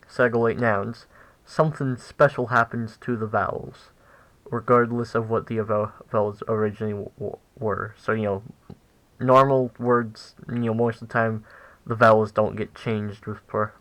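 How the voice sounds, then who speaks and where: A young man giving a casual language lesson, halting and full of fillers as he corrects himself. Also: on the low side, vocal fry, a bit bright, low-quality recording. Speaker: language teacher.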